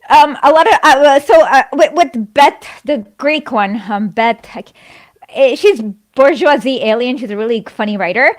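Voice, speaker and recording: A woman with a high voice chats quickly and animatedly about politics. She talks with many fillers and restarts. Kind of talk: casual political chat.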